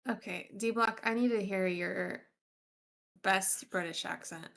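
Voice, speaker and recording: A woman's voice: medium pitch, measured pace, vocal fry, fairly bright tone, rough recording. A woman on a casual live stream, telling chatty anecdotes and giggling.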